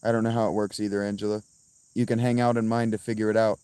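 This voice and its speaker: A man livestreaming outdoors and answering his chat in a profane, combative, quick-tempered way. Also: fairly low pitch, little pitch movement, mellow, smooth, no room sound. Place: outdoors by a fountain.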